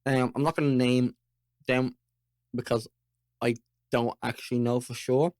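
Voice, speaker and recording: An Irish man co-hosting a podcast, talking in an animated, ranting way while chewing toffee. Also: medium pitch, a little slow, no room sound, studio quality. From Ireland. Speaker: podcast co-host. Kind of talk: casual chat.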